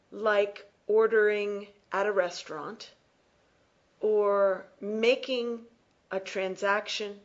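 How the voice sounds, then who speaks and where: Slow, deliberate woman teaching English. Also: medium pitch, muffled recording. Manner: slow, deliberate, repeats key phrases. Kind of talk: classroom lecture.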